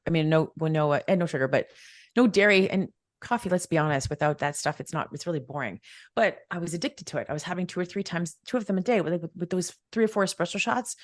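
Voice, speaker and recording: A woman's voice: sits low, no room sound, studio quality. A middle-aged woman, a wealth mentor, telling a personal story as a podcast guest, emphatic and repetitive as she acts out the dialogue.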